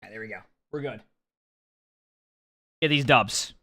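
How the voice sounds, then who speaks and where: A man's voice: medium pitch, measured pace, sharp tone. A young man streaming a game, chatting upbeat to his viewers while losing his voice from too little sleep. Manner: chatty, upbeat, talks to chat between games. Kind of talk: casual live-stream chat.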